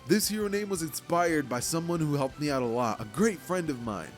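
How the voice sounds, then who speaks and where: A cheerful invisible teenage hero girl from a fan-made story, talking in a chatty, bubbly way, as a male narrator puts her on. The voice sits clearly higher than his usual talk. Her pitch is raised while his own timbre stays underneath. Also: expressive, a little fast, soft background music, close to an everyday voice.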